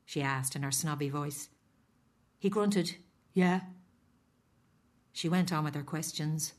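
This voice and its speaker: A woman's voice: low voice, takes it slowly. A middle-aged woman with an Irish accent narrating in first person as a resigned, weary foster mother. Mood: rueful.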